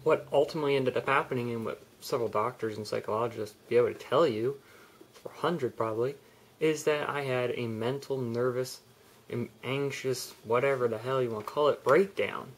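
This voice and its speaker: A young man speaking candidly to his camera about his own life. He rambles, restarts his sentences and keeps the tone personal and unscripted. His voice sits in an ordinary middle pitch. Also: a little fast. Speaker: vlogger. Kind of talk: personal confessional vlog.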